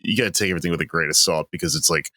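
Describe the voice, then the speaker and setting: A man's voice: sits low, racing, pushed and bright, no room sound. A man co-hosting a podcast, chatting in an offhand, wry way. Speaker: podcast co-host. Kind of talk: casual chat.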